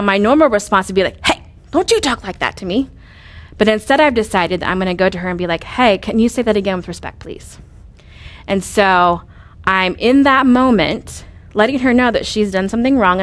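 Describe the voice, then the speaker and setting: A woman giving an earnest, coaching talk on parenting, asking rhetorical questions and using frequent fillers. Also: medium pitch. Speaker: parenting speaker.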